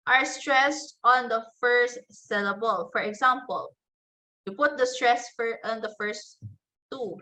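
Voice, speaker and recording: Slow, bright-voiced woman teacher. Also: a little high, poor audio. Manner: slow, explanatory, with frequent fillers and restarts; enunciates example words one by one. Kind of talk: online class lecture. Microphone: computer microphone in an online class.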